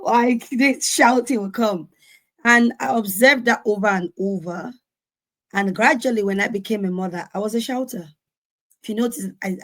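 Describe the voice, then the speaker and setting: A woman's voice: mid-range voice, rough recording. A woman in her forties speaking on a discussion panel, earnestly sharing parenting advice and acting out family exchanges. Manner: earnest, advice-giving, acts out family dialogue.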